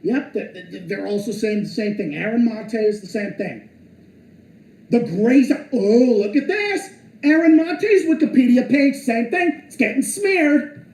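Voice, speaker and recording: A man's voice: extremely high pitch, expressive, measured pace, a little mellow, reverberant, low-quality recording. A man streaming an angry, profane and sarcastic rant, sounding exasperated.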